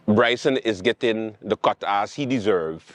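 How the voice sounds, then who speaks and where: A man hosting a late-night comedy show, ranting about politics in a sarcastic, animated way. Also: on the low side, measured pace, dry recording. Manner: animated, sarcastic, mocking quotes and repetition. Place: outdoors with planes overhead.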